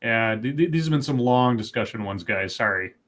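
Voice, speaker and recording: A man's voice: mid-range voice, animated, brisk, fairly bright tone. A man co-hosting a stream, reading an article aloud with sarcastic asides.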